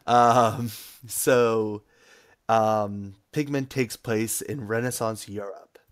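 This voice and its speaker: A man from Massachusetts, a game designer, talking casually as a guest in an interview, relaxed and hesitant with frequent ums. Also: lowish voice, very slow. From Massachusetts, USA.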